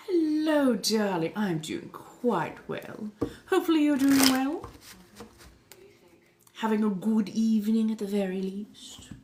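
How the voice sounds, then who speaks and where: Her voice sits on the high side, expressive and slightly mellow, pushed up, with a faint hiss or hum. On a livestream she plays a refined, centuries-old female vampire with a 1700s colonial American accent, chatting genteelly and unhurriedly with viewers and fondly calling them darling.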